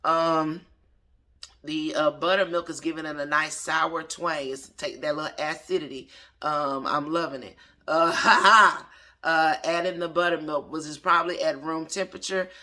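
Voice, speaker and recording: A man's voice: on the high side, steady tone, moderate pace, bright, forceful tone. A man in his late thirties, a chef, casually walking through an old cookbook recipe and talking back to its author. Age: 30s. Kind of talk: casual cooking lesson.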